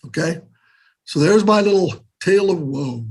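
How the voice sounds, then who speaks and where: An older man with a fairly high voice teaches a business finance class in a relaxed, conversational way. He keeps checking in with his listeners, tossing in "okay?" and "right?" as he works through the numbers. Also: normal speed, husky. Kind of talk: casual instructional talk.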